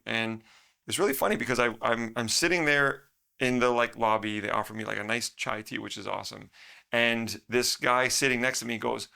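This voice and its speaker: Gravelly, bright-voiced man rambling. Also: medium pitch, a little fast. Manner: rambling, laughs often, animated when quoting. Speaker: podcast guest. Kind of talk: casual storytelling.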